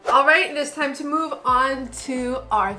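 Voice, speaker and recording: A woman's voice: high-pitched, unhurried, pushed and bright, faint music behind. A young woman from the United States, gushing playfully while taste-testing in a casual vlog. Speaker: food vlogger.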